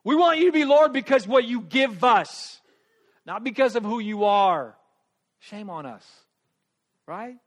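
A man preaching a sermon, animated and conversational, swinging between loud bursts and hushed asides, with quick rushed remarks. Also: extremely high pitch. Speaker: pastor.

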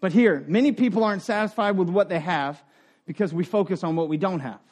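A middle-aged man preaching a sermon in an earnest, conversational way, dropping to quiet asides and rising for emphasis. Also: high-pitched, a little fast. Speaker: pastor.

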